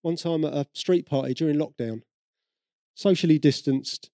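A British man preaching a sermon in a chatty storytelling way, slipping into the voices of people he has met. His voice sits slightly high for a man yet sounds mellow and warm. The recording is close and dry. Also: normal speed, no echo. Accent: British English. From Britain. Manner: conversational storytelling, acts out quoted voices. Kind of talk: sermon with personal stories.

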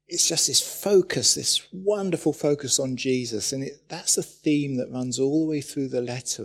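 A man delivers a sermon in a church. His voice is husky and mid-pitched. He tells animated stories and breaks into loud, urgent bursts. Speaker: preacher.

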